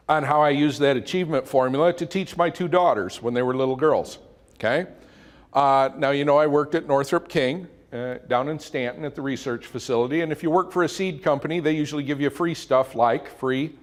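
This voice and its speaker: A middle-aged man, giving a motivational talk and telling a folksy story that quotes his children in animated voices. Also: mid-range voice. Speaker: motivational speaker.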